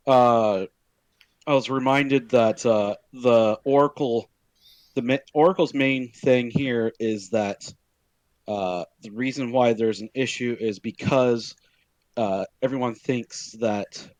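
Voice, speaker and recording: A man's voice: medium pitch, darkish tone, no room sound, low-quality recording. A man playing a tabletop game over online voice chat, steering the group's plan with many filler words. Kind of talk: casual planning talk at the game table.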